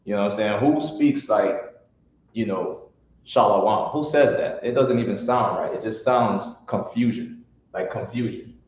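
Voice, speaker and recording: A man's voice: lowish voice, moderate pace, a little mellow, slight background noise. A man teaching a classroom lesson on pronunciation, sounding out syllables one by one in a blunt, informal way. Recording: echoey room from far off, dull lo-fi.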